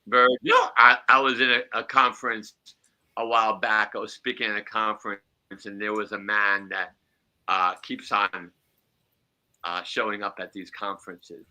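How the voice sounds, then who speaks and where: A man's voice: on the low side, flat delivery, moderate pace, sharp tone. A man hosting a podcast as a psychic medium, chatting casually in a rambling way with chuckling asides.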